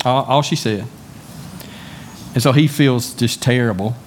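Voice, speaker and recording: A man preaching to his church congregation in a relaxed, conversational way, telling everyday stories and acting out the lines of the people in them. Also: medium pitch, a little slow, a little hiss or hum. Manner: conversational, folksy storytelling with acted-out dialogue. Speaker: pastor. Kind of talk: sermon. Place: church sanctuary.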